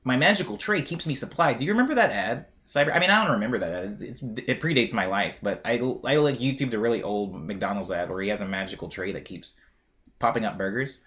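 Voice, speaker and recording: A man's voice: on the low side, lively intonation, quick pace, fairly bright tone. A young man streaming live, reading chat aloud and rambling in a chatty, jokey way. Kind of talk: casual chat.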